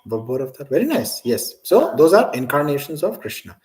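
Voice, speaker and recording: A man's voice: on the high side, sing-song, brisk, darkish tone, low-quality recording. A man teaching a scripture class, asking students questions and often checking in with "right?".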